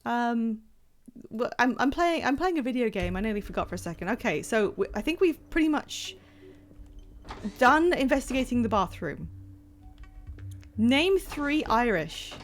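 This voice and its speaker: Streamer, woman, somewhat high voice, rambling and self-deprecating gameplay chatter. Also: big pitch swings, moderate pace, pauses often. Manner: rambling, self-deprecating, trails off mid-thought. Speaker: game streamer. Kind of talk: casual live gameplay commentary.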